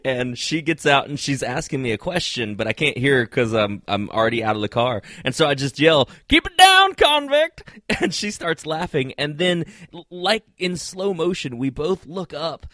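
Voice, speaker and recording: A man co-hosting a casual chat show tells a rambling anecdote, breaking into laughter and shouting out quoted lines. His voice sits in an ordinary middle pitch. The recording is dry and close to the mic. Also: normal speed, no room sound. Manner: animated storyteller, laughs through his stories, yells quoted lines. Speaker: podcast co-host.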